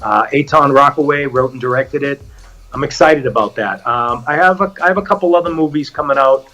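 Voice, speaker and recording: Here the Bostonian actor, middle-aged, talks briskly in a mid-range voice. It's relaxed guest chatter, and he tells his stories vividly, voicing each quote as if on stage.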